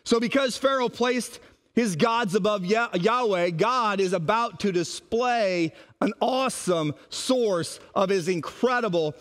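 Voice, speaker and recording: High-voiced preaching man. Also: unhurried. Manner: animated, acts out quoted voices. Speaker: pastor. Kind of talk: sermon.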